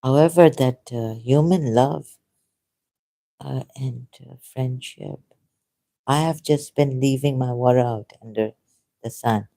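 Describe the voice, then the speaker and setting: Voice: mid-range voice, slow, creaky, long pauses, warm tone. A speaker in casual conversation who talks in a rambling, hesitant, self-deprecating way. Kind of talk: casual debate chat.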